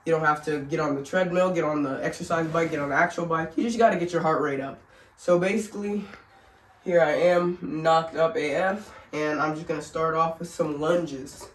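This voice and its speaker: A woman's voice: low-pitched, normal speed. A woman vlogging at home, showing simple workouts in a chatty, joking way while sick and short of breath. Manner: chatty, joking, laughs at herself. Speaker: family vlogger. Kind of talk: casual instructional vlog. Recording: echoey room.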